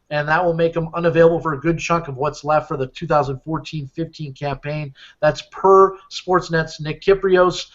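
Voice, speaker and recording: A man's voice: on the high side, a bit bright. A man co-hosting a podcast, reading news items aloud with frequent hesitations. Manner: hesitant, many "uh"s, reads releases aloud. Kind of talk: news reading mixed with casual chat. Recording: dull lo-fi podcast audio.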